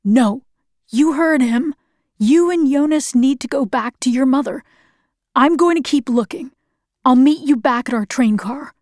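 A woman's voice: sits high, unhurried, a little mellow, no room sound, studio quality. A woman reading the lines of a stubborn, determined teenage boy in a storybook.

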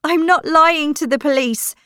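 Give me a woman voicing an upset teenage girl in a storybook, torn and pleading, her voice raised high and strained. The sound is dry, as if close to the mic. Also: a little slow, a bit bright, dry recording. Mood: distressed.

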